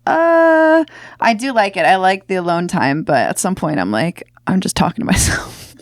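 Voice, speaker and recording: A woman's voice: fairly low pitch, big pitch swings, a little fast, no echo, studio quality. A woman co-hosting a podcast, chatting playfully and slipping into silly voices. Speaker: podcast co-host. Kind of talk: casual chat.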